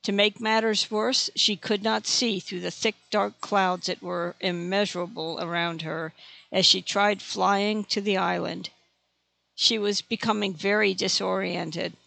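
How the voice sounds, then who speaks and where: A steady narrator reads a fantasy story in a plain storytelling manner. The voice is gravelly at a middle pitch. It is recorded close and dry. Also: measured pace, no echo. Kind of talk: audiobook narration.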